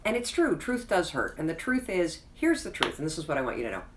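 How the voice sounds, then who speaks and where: A woman's voice: deep voice, big pitch swings, quick pace, recorded from a distance, noisy background. A woman hosting her own video, telling a personal story in a frank, chatty, self-deprecating way and closing with an earnest, reassuring pep talk. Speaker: host. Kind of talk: candid personal storytelling to camera.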